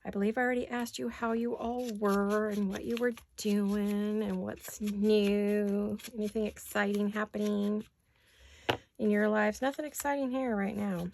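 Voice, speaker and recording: A woman with a raspy, gravelly voice chats to her viewers from her home craft studio. She talks casually as she works, apologizing for herself with a self-deprecating humor. Her pitch sits in a middling range. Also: flat delivery, a little slow, a little mellow, slight background noise. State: raspy voice from allergies. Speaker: craft vlogger. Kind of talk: casual chat while crafting.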